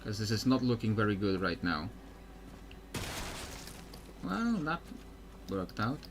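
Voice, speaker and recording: A man's voice: on the low side, very animated, takes it slowly, noisy background. A man streaming a game, rambling through casual commentary and laughing often.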